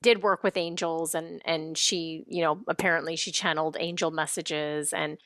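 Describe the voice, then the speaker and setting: A woman hosting a podcast, telling a personal story in a casual, animated way and laughing often. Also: sits low, moderate pace, dry recording, studio quality. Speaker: podcast host. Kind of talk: casual chat.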